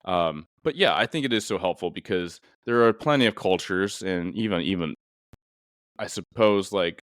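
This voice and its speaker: A man's voice: low voice, moderate pace, fairly bright tone, no room sound, clean studio sound. A man hosting a casual interview conversation, a police officer, thoughtful and rambling with many fillers. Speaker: podcast host and police officer.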